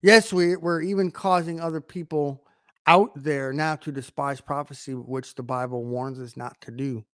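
Male preacher, sermon, emphatic delivery, frequent restarts, slightly high voice, dry recording. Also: steady tone, normal speed, no echo.

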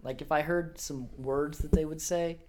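A man's voice: fairly high pitch, fairly even intonation, normal speed, darkish tone, a little hiss or hum. A laid-back man chatting casually with friends and laughing often. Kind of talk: casual joking chat.

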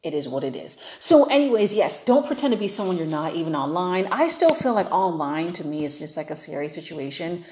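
A woman's voice: fairly low pitch, sing-song, brisk, hardly any pauses, a little mellow, echoey room, a little hiss or hum. A woman giving frank, chatty dating advice in a casual monologue, acting out the people she quotes.

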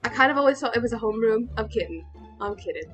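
A woman's voice: fairly high pitch, lively intonation, very fast, a bit bright, faint music behind. A woman tabletop player making joking asides.

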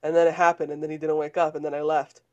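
A young man, co-hosting a casual chat and telling animated stories with frequent laughs. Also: a little high, fast, dull audio. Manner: animated storyteller, laughs often. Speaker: podcast co-host.

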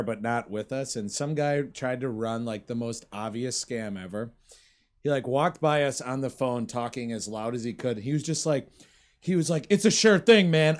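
A man co-hosting a slots stream, chatting casually and shouting when excited. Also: mid-range voice. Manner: excitable, shouts at big moments.

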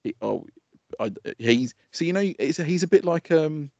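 A man's voice: on the high side, expressive, normal speed, vocal fry, dark tone, dry recording. A man with an Essex accent co-hosting a podcast, telling rambling stories with swearing and laughter. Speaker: podcast co-host. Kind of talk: casual podcast chat. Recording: dull lo-fi podcast audio.

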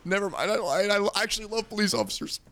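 A man's voice: high-pitched, animated, fast, a loud crowd. A young man co-hosting a podcast, rambling and swearing in casual banter with frequent laughs. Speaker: podcast co-host.

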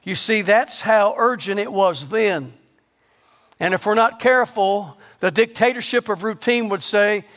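A man with a high-pitched voice preaches to his congregation. He asks question after question and drops into a quiet hush on his key words. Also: expressive, measured pace. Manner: rhetorical questions, sudden drops to a low hush for emphasis. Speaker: pastor. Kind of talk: sermon.

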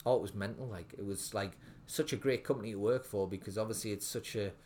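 A man's voice: fairly low pitch, quick pace, a little mellow, slight background noise. A young man, a restaurant owner telling his story in a casual interview, rambling with lots of fillers and restarts. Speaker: restaurant owner, podcast guest.

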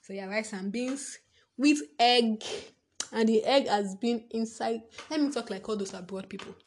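A woman's voice: a little high, moderate pace. Rambling young Nigerian woman. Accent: Nigerian English. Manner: rambling, jumping between thoughts, laughing and swearing often. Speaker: vlogger. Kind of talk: casual rambling vlog monologue.

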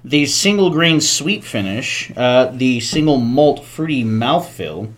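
A man's voice: mid-range voice, lively intonation, slow. A man co-hosting a podcast in casual chat, making crude jokes and reading product labels aloud with stumbles. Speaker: podcast co-host.

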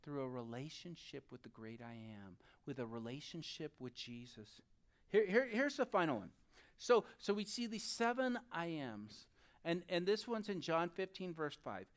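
An animated pastor preaching a sermon, speaking straight to the congregation. The pitch rises and falls widely, and the voice sits at a middle height. Loud, urgent stretches give way to soft, quiet ones. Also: normal speed. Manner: addresses the audience directly.

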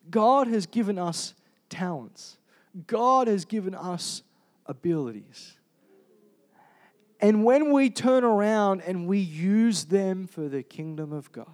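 A man's voice: a little high, darkish tone. A young adult man preaching a sermon to a congregation, telling a personal story and calling out "Amen?" as he goes. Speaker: pastor. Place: church hall.

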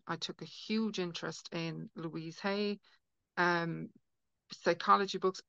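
A woman's voice: lowish voice, gravelly, sharp tone, no room sound. A woman guest on a podcast, talking earnestly in casual conversation and acting out inner voices as she explains. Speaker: guest healer. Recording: dull lo-fi audio, dry.

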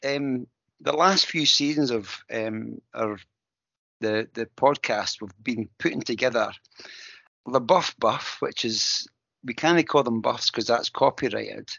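A man's voice: mid-range voice, unhurried, gravelly, bright, forceful tone, dry recording. Upbeat guy co-hosting a podcast, dry and a bit muffled. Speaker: podcast co-host. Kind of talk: casual podcast chat. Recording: dull lo-fi sound.

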